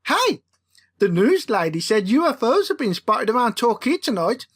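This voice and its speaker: A woman's voice: fairly high pitch, very animated, normal speed, husky. A woman voicing a lazy, sniping young barman with a broad Birmingham accent. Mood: snappish. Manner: sniping, offhand. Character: lazy, snappy young man, a scruffy barman.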